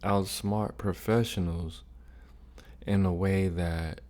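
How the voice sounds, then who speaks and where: Deep-voiced man giving insistent commentary. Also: steady tone, slow pace, a little mellow. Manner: emphatic, repeats points insistently. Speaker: reaction video host. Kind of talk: reaction commentary.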